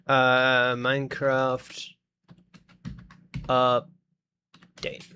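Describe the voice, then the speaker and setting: A man's voice: mid-range voice, unhurried, pauses often, fairly bright tone, slight background noise. An Australian man chatting casually on a live stream, thinking aloud and talking to his viewers as he sorts out his game. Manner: chatty, thinks aloud, talks to chat while fiddling with the game.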